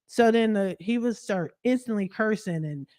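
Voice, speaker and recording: A woman livestreams from her living room and tells a story in a loose, animated way while she multitasks. Her voice sits at a middle pitch for a woman. The sound is dry and close, with no room echo. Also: normal speed. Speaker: credit expert livestreaming.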